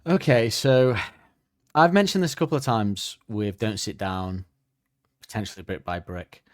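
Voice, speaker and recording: This podcast host has a lowish voice and speaks at normal speed, wandering through casual talk with frequent hesitations and fillers. The recording is dry and of studio quality.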